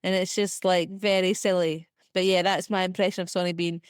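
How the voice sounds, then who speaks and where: A young woman with a Scottish accent, a comedian talking chattily as a podcast guest, full of "like" and quick laughs. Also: lowish voice, level tone, clear, resonant tone, no echo, studio quality. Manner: chatty, filler-heavy, quick self-deprecating laughs. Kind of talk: casual podcast interview.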